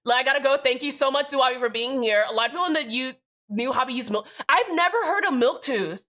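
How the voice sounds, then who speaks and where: Young woman, streamer, rambling casual chat, swears a lot, bright voice. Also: high-pitched, quick pace. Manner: rambling, profane, chatty.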